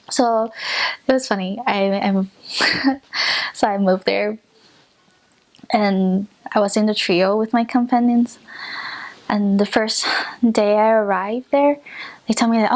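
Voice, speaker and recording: A young woman whose first language is Mandarin, telling a casual personal story about her missionary service, chatty, with frequent fillers and soft laughs. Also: mid-range voice. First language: Mandarin Chinese. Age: young adult. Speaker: returned missionary.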